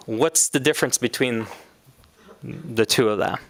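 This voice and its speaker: A man teaching a class in a lively lecture, often putting questions to his students. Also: mid-range voice, slow pace, vocal fry. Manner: animated, asks the class questions.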